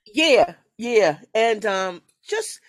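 A woman hosting a podcast over a video call, affirming her guest often and asking questions warmly. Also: mid-range voice, big pitch swings, drawn-out words. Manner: warm, affirming, many "okay" and "amen". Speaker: podcast host. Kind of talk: casual interview.

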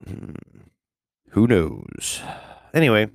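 A man with a very low, gravelly voice rambles through a casual monologue at an unhurried pace. He is laid-back and profane and chuckles often. The recording is dry and close, with no room sound. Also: wildly swooping pitch, no room sound.

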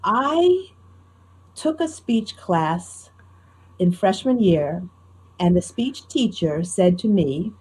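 A middle-aged woman with a faint New Jersey accent, a professional storyteller talking in a lively, self-deprecating way in an interview. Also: mid-range voice, slow, pauses often, slightly rough. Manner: animated, self-deprecating, tells anecdotes with quoted dialogue. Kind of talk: conversational interview.

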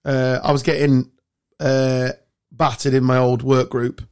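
A man hosting a casual podcast, telling sweary, animated stories. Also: medium pitch, measured pace, smooth. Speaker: podcast host. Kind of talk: casual chat.

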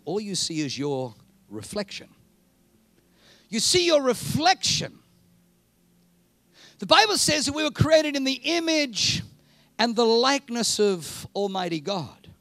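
Male preacher, lively comic sermon delivery, high gravelly voice. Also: unhurried, long pauses, no room sound. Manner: animated, comic storytelling, jumping between voices.

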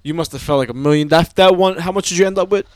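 Man, casual listener, slightly high voice, dry close sound. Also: rapid-fire, darkish tone, no room sound. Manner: brief reactions and questions. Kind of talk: casual chat.

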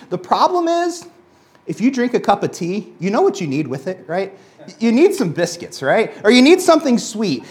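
Guy in his 30s preaching casual, storytelling, voice jumps all over. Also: high-pitched. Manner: conversational storytelling with lively swings. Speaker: pastor. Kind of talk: sermon.

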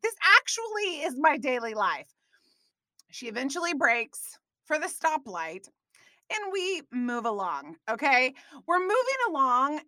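A middle-aged woman from Texas hosting her own show, telling a comic story in an animated way and ending with a short devotional. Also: sits high, no echo. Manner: animated, breaks into comic screams. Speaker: host. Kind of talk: casual storytelling with a devotional close.

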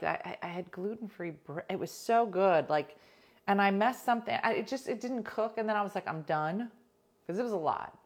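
Woman host, low-pitched, casual playful chat with viewers, soft asides. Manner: chatty and playful, often trails into soft asides. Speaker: livestream host.

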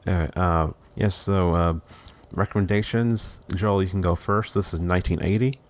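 A man hosting a podcast in easy, relaxed chat, telling stories and moving the conversation along. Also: deep voice, moderate pace. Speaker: podcast host. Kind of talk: casual chat.

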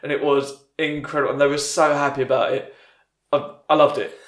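A man's voice: on the high side, little pitch movement, fairly quick, fairly bright tone. A man hosting a podcast, chatting casually and eagerly affirming his guest's stories. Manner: enthusiastic, affirming listener. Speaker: podcast host. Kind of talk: casual interview chat. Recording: roomy podcast recording.

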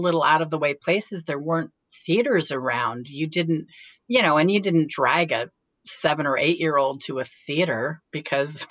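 A middle-aged woman with a very low voice tells chatty stories as an interview guest and laughs often between them. The sound is dry and close, with no room echo. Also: fairly bright tone. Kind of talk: casual interview chat.

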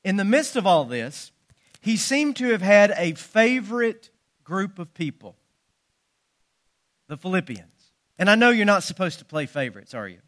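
A man's voice: high-pitched, very animated, moderate pace, long pauses, a bit bright. A man preaches a sermon. He tells folksy jokes and stories, leaning hard on his emphasis. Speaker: pastor.

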